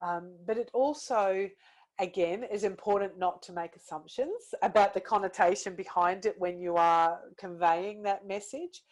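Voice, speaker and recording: A woman's voice: medium pitch, moderate pace, low-quality recording. A middle-aged woman with a British accent giving a casual webinar talk, speaking on a computer mic and using many "you know" fillers. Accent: British English. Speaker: webinar presenter on workplace wellbeing.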